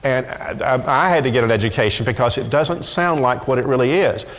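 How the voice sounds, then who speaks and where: A middle-aged man with a mid-range voice preaches a sermon briskly and emphatically in a church sanctuary, frequently repeating words to drive his point home. The recording has the echo of a church hall.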